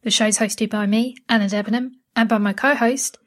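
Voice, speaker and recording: A woman's voice: on the high side, fairly even intonation, moderate pace. A woman from England hosting a podcast, reading the intro and chatting casually, laughing easily. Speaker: podcast host. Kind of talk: casual chat.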